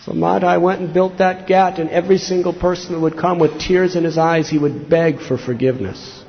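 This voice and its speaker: A monk delivers a devotional sermon in a man's voice that sits on the high side, with fairly even intonation and a fairly quick pace. He tells scripture stories earnestly, acting out quoted lines with rising intensity. The lo-fi recording is slightly dull, with faint noise.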